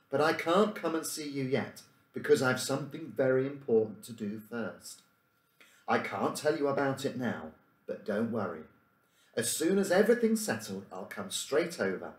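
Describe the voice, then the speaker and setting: A man's voice: medium pitch, natural voice. A man doing an earnest, anxious young boy. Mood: letter reading. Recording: roomy room echo.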